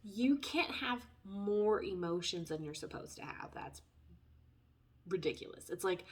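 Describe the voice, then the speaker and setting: A chatty woman reads tarot cards and talks straight to her viewers. She wanders into side stories and apologizes for them. Her voice swings between loud bursts and soft, near-whispered asides. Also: medium pitch, a little slow. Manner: chatty, tangents, lively swings in loudness. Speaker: tarot reader. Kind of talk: casual spoken tarot reading.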